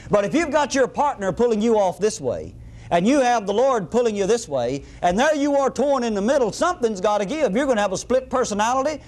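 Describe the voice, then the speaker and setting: A middle-aged man preaching a sermon, folksy and animated, with humorous asides. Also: high voice.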